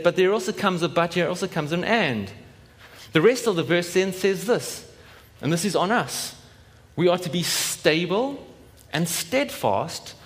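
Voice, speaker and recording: Conversational man preaching in a reverberant hall. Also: high-pitched. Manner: conversational preaching, acting out imagined voices. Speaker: pastor. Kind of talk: sermon.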